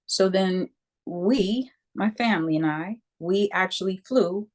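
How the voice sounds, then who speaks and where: A woman's voice: mid-range voice, unhurried. An American woman in her fifties, a guest telling a personal story in an interview, acting out voices and often checking in with "okay?". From United States. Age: 50s. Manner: animated storyteller who acts out voices and keeps checking in with "okay?". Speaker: guest, Reiki practitioner.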